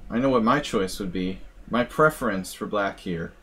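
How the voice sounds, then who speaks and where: A man streaming live, casually commentating chess games and chatting with viewers in a relaxed, musing way. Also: lowish voice, moderate pace, husky. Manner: relaxed, musing, talks to chat.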